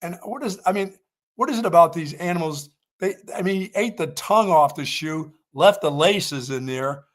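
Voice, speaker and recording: A man's voice: on the high side, moderate pace. A man co-hosting a sports radio show, telling joking stories in casual chat. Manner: joking storyteller, laughs at himself.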